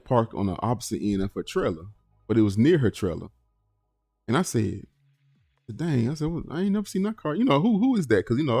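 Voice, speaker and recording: A man's voice: darkish tone, no room sound, studio quality. A man, casually telling a personal story to his viewers as a channel host, rambling with restarts. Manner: rambling with restarts, acts out quotes in a high voice.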